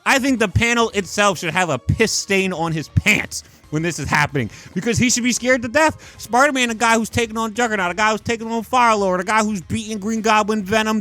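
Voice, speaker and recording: A man's voice: sits high, animated, brisk, few pauses, pushed and bright, faint music behind. A man hosting a casual commentary video, ranting in an exasperated, profane and mocking way. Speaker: comic commentary host.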